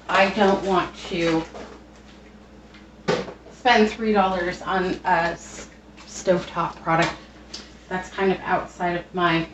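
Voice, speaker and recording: A woman's voice: mid-range voice, lo-fi sound. Chatty thrifty woman in an echoey kitchen. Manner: rambling and thrifty, lots of fillers and asides. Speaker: home cooking vlogger. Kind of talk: casual kitchen how-to chat. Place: home kitchen. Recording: roomy echo, distant mic, faint noise.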